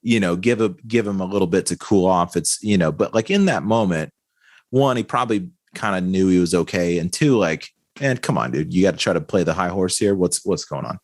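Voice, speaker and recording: Man, podcast co-host, very low voice, casual chatty banter, dry close sound. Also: fairly quick, no echo. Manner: relaxed and chatty, says "dude" and "like" a lot. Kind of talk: casual chat.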